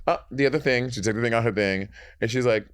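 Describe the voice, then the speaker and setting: A man's voice: medium pitch, clean tone, dry recording, clean studio sound. A man co-hosting a podcast in casual chat, swearing freely and acting out scenes he retells. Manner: fast, swearing, acts out quoted lines. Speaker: podcast co-host.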